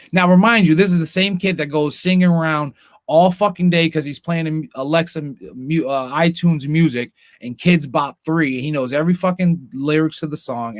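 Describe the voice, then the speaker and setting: A man's voice: a little high, no echo, clean studio sound. A young man hosting a podcast, telling a long story as a profane, ranting storyteller in casual chat. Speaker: podcast host.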